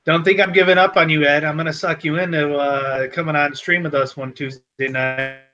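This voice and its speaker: A man's voice: fairly high pitch, steady tone, normal speed, pushed and bright, muffled recording, soft background music. A man from the Chicago area with a local accent, co-hosting a casual livestream and chatting with viewers by name. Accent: Chicago-area Midwestern. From Chicago area, Illinois. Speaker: co-host of a livestream.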